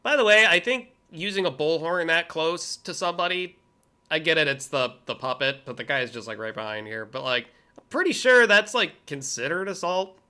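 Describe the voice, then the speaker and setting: Sarcastic rambling American streamer, bright voice. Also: male voice, a little high, animated, moderate pace, smooth. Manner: rambling, sarcastic, profane asides. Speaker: livestream host reacting to videos. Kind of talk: casual commentary.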